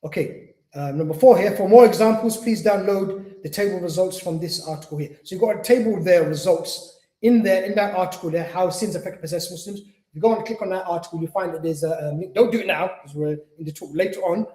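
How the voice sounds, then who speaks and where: High-voiced guy giving an islamic lecture, repeats himself a lot, echoey hall. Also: fairly quick, dark tone. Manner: repetitive, earnest, acts out quoted patients. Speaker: Islamic teacher. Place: lecture room at an Islamic centre. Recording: roomy echo.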